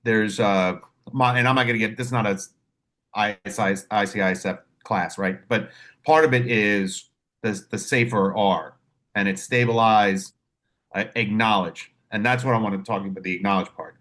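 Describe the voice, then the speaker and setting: Guy on a podcast swearing a lot, acts out quotes, pitch jumps all over. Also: moderate pace. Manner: animated storyteller, profane, acts out quotes. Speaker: podcast host, mental health clinician. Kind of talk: casual podcast chat.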